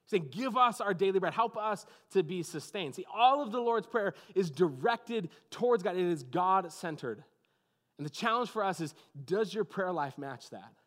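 A pastor delivering a sermon in a conversational way, often adding "like" and "you know what I mean". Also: male voice, sits high, lively intonation, normal speed, fairly bright tone.

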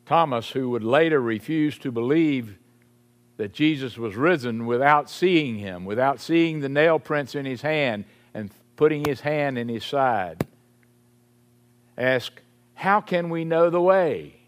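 A man delivers a sermon at an unhurried, measured pace. His voice sits at an ordinary middle pitch and sinks lower and quieter on the phrases he wants to stress. The style is emphatic preaching. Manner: slow, emphatic preaching, dropping low on key phrases. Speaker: pastor.

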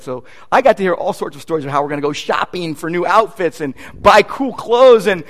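A male pastor delivers a sermon in a high, lively voice that swings up and down freely. He preaches with emphasis and quick asides, often repeating a word as he presses his point.

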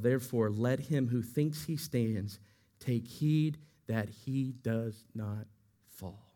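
A man preaching a sermon, his voice rising and swelling when he quotes scripture and falling soft at the ends of lines. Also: mid-range voice, husky. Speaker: pastor.

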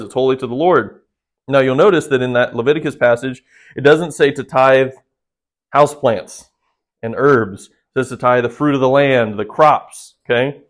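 A man preaching a sermon. He talks straight to his listeners, earnest and direct, and keeps asking them rhetorical questions. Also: mid-range voice. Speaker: pastor.

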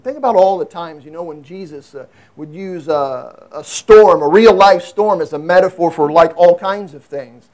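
A man preaching a sermon in an earnest way, swinging from emphatic raised passages to low, quiet asides. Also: moderate pace, few pauses. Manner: earnest, rises to emphatic high peaks then drops low and quiet.

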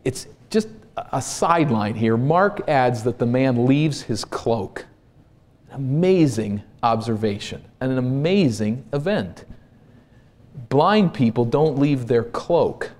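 A man from Minnesota preaching a sermon as pastor, slow and deliberate, building to loud emphasis. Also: medium pitch, expressive.

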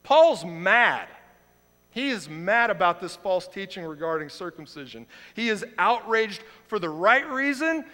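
Male pastor, 30s, high bright voice, fiery sermon delivery, big church hall echo. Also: expressive, normal speed, few pauses. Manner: impassioned, swings from quiet to loud outrage. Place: church sanctuary. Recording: long reverb of a large hall.

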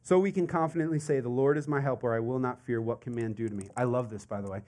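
A man preaching a sermon in a conversational, animated way, full of asides and rhetorical questions. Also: medium pitch, quick pace. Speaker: pastor.

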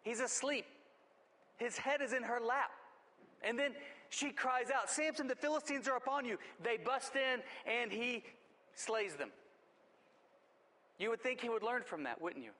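High-voiced preaching man in a hall. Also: expressive, measured pace, pauses often, bright, forceful tone. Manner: earnest, conversational preaching with repeated restarts. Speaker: pastor. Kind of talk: sermon.

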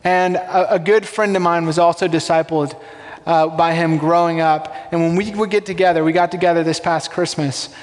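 A man with a notably high voice preaches a sermon in a relaxed, conversational way, often throwing rhetorical questions to his congregation. His voice rings out with the long reverb of a large church sanctuary. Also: normal speed. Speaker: pastor.

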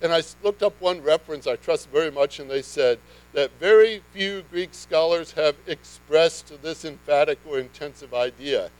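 Male pastor, slightly high voice, chatty sermon delivery with emphatic swells, faint hum. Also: moderate pace, poor audio. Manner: conversational, building to emphatic bursts.

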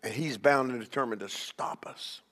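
A man's voice: mid-range voice, moderate pace, a bit bright, long reverb tail. A man preaching as a bishop, emphatic, with call-and-response and repeated questions to the congregation. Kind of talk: sermon.

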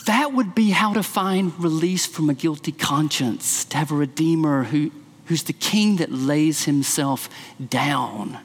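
Man, pastor, sermon storytelling, high voice, reverberant hall. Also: measured pace, husky. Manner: storytelling, with animated acted quotes.

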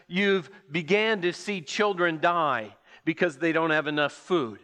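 A man preaching a sermon, telling an imagined story slowly and deliberately, with pauses. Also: high-pitched, a bit bright. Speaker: pastor. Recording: long hall reverb.

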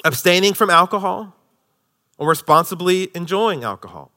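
A male pastor preaching a sermon, swinging from loud, emphatic lines to hushed, near-whispered ones. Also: sits high, animated, moderate pace.

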